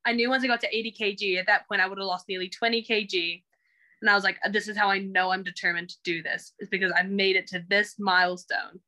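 A woman's voice: mid-range voice, fairly even intonation, fast, pushed and bright, low-quality recording. A young woman telling her story to her coach in a casual interview, acting out what she and others said. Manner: chatty, acts out quoted remarks. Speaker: coaching client.

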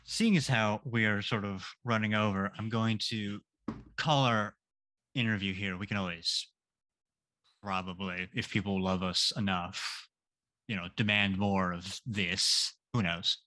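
A man's voice: fairly low pitch, fairly even intonation, a little slow, sharp tone, dry recording. Casual male podcast host, dry sound. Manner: brief affirmations, wraps up the show. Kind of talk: casual interview hosting.

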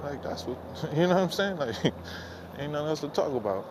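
A man's voice: fairly high pitch, lively intonation, normal speed, noisy background. Rambling, profane man ranting outdoors. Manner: rambling, profane, repetitive, exasperated. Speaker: podcast host. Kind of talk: unfiltered late-night rant. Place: outdoors at night. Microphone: phone with headphones.

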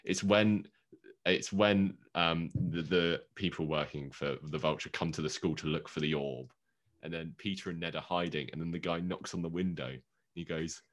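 A man's voice: sits low, steady tone, normal speed. A man co-hosting a podcast in casual chat, rambling and self-deprecating. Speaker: podcast co-host.

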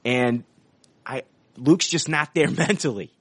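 An excitable man of middling pitch, co-hosting a casual podcast and swearing freely as he talks. The sound is dry and close, with no room around him. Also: takes it slowly, dry recording. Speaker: podcast co-host. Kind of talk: casual film discussion.

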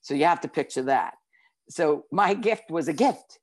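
A woman speaks in a low, husky-toned register as an interview guest. She tells her story quickly and animatedly, jumping into the voices of the people she quotes. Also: lively intonation. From Brooklyn, New York. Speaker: psychic and author guest.

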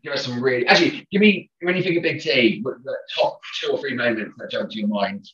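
A man co-hosts a podcast, jokey and upbeat, stumbling a little at the start of his sentences. His voice is bright and forceful. He sounds distant from the mic in a roomy space, on a dull, lo-fi recording. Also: medium pitch, fast talker. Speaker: podcast co-host. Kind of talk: casual podcast chat.

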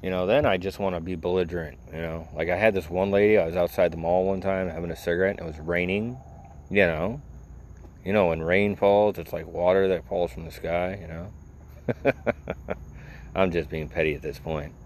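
A man's voice: deep voice, fairly even intonation, fairly quick, a little mellow, a little hiss or hum. A man in a casual vlog, rambling and sarcastic, full of "you know" as he tells a story. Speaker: vlogger. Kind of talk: casual rant.

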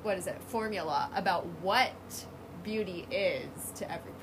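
A woman's voice: fairly low pitch, moderate pace. A young woman co-hosting a podcast in casual chat, giggling often and musing aloud. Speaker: podcast co-host. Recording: clear background noise.

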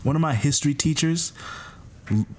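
A young man from Canada hosting a casual podcast, telling animated, joking stories. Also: on the high side, normal speed. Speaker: podcast host.

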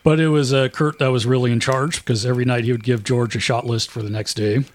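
Mid-pitched man telling wry anecdotes. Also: quick pace. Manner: relaxed, wry, mimics people in anecdotes. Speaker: podcast host. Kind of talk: casual storytelling chat.

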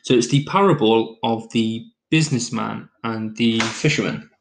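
A man's voice: on the low side, normal speed, gravelly, poor audio. A man hosting a fitness podcast, talking casually and jokily, then reading a parable aloud. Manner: jokey, chatty, relaxed. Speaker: podcast host.

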